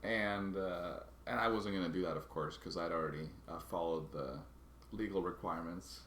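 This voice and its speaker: A man vlogging casually, telling a story in a halting way and often restarting his words. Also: sits low, a bit bright, reverberant, slight background noise. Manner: halting, restarts and repeats words while recounting a grievance.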